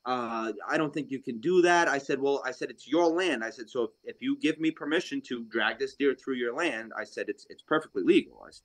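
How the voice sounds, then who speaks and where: A man from Rhode Island telling a hunting story on a podcast in a casual, animated way, acting out what people said. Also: medium pitch. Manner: animated, acts out quotes, laughs often. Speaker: podcast guest, deer hunter.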